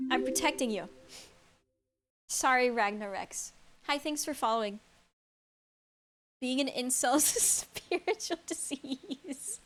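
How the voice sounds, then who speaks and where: A young woman with a high, light, fairly bright voice talks live to her stream audience, answering chat in loose, off-the-cuff fashion. She's expressive but slow, leaving long pauses as she wanders between thoughts, blunt and unfiltered, cursing freely and breaking into laughter. There's slight background noise.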